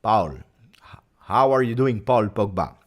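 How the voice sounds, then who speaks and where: An Italian man with an Italian accent hosts a casual fan-channel livestream, reading out viewer comments. He speaks slowly and animatedly in a fairly low voice.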